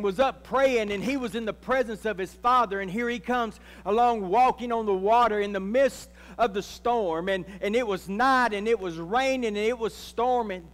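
A man's voice: sits high, in a large hall. A man, a pastor, preaching a sermon and calling out to his congregation. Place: church sanctuary.

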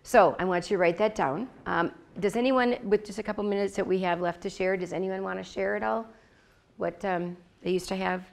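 A woman's voice: mid-range voice, steady tone, brisk, vocal fry. A woman teaching a Bible study in a chatty, confiding way, full of asides.

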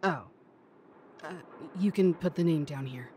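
A woman's voice: low voice, measured pace, dark tone, a little hiss or hum, pitched below the performer's own voice. A woman voicing a weary official taking down miners' names, talking in a dismissive, tired way.

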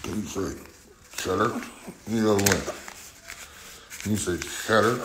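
A man's voice: on the low side, slow, long pauses. A man streaming live, telling stories casually in heavy slang with lots of swearing and laughter. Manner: profane, slangy, laughing storyteller. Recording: roomy echo with faint noise.

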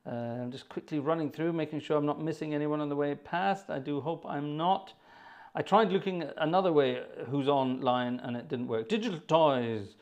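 A man's voice: fairly high pitch, moderate pace, darkish tone, clear, resonant tone, highs cut off. A man hosting a livestreamed organ concert, greeting viewers by name in a chatty, joking way and mocking himself. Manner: chatty, jokey, self-mocking asides. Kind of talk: casual chat greeting viewers.

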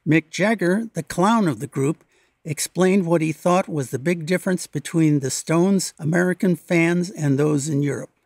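A man giving scripted documentary narration in a measured, even, read-aloud delivery, recorded as a close voice-over. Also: a little high, no room sound. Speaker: local history narrator.

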